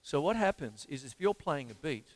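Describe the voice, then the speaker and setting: Chatty Australian drum teacher counting beats. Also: male voice, fairly high pitch, big pitch swings, moderate pace. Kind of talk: live-streamed drum lesson. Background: drum kit playing.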